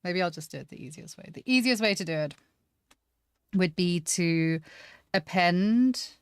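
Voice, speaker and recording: A woman's voice: on the low side, normal speed, clear, resonant tone, no room sound. A woman teaching 3D sculpting on a live stream, chatting casually and poking fun at herself as she works things out aloud. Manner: thinks aloud, self-deprecating, chatty.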